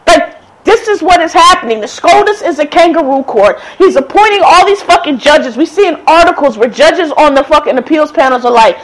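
Woman, high voice, blunt, profane, exasperated rant. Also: expressive, fairly quick, poor audio. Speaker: political commentator. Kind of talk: ranting opinion monologue.

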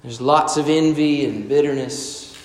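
A man preaching a sermon, telling a story and acting out the voices in it, swinging from loud to soft. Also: fairly high pitch, measured pace. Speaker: pastor. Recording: echoey hall.

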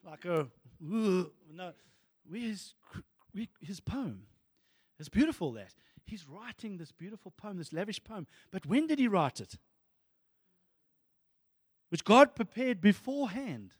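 Male pastor, high-pitched, animated sermon, dry close mic. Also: a little slow, pauses often, husky, no echo, in a large hall. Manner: animated, excitable preaching with sudden soft asides.

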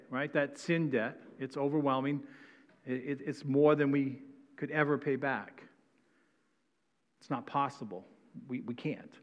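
A male pastor preaching a sermon, reading scripture aloud and then explaining it with frequent "right?" tags. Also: medium pitch. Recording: dull sound with long hall reverb.

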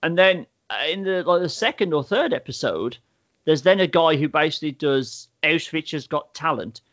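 A man's voice: a little high, lively intonation, normal speed, a bit bright, highs cut off. A man in casual chat, recapping and reviewing a TV show in a rambling way, full of "like" fillers and swearing. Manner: rambling storyteller, many "like" fillers, swears freely.

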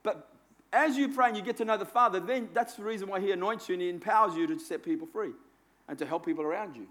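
High-voiced preacher man, conversational. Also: fast, fairly bright tone. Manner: conversational, self-deprecating, with repeated phrases. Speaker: pastor. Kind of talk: sermon.

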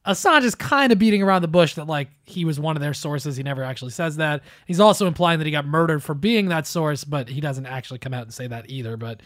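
Loud joking man hosting a podcast. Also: lively intonation, fast talker, few pauses, no room sound, studio quality. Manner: loud, swearing, joking, often jumps up in pitch. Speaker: podcast host. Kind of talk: casual chat.

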